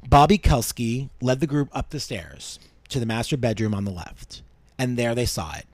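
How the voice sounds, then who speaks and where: A male podcast host telling a true-crime story in a measured way, dropping low for grim details. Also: no echo.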